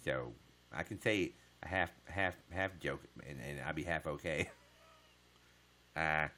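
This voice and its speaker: Deep-voiced joking male streamer. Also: takes it slowly, pushed and bright. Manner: joking, profane, riffing. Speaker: live streamer. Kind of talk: casual live-stream chat answering viewers.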